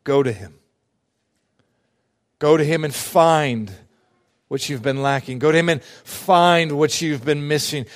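Pastor guy preaching slow and earnest, kinda high voice, says stuff twice for emphasis. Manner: earnest, repeats phrases for emphasis. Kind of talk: sermon.

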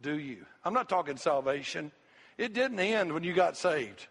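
Husky man preaching in a reverberant church. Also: a little high, expressive, moderate pace, fairly bright tone. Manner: impassioned, repetitive preaching cadence. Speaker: pastor. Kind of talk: sermon. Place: church sanctuary. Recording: long hall reverb, faint music.

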